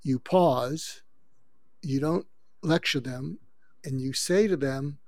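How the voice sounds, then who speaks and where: A man's voice: on the high side, slow, pauses often, dry recording, studio quality. An older man, a guest expert, explaining how to handle conflict in a coaching, advice-giving way. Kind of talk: advice-giving interview talk.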